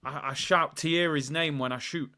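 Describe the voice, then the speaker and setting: A young man, hosting a live football watchalong and chatting in a rambling, playful way. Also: normal speed. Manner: animated, rambling, playful, bursts into high shouts. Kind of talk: casual live-stream chat.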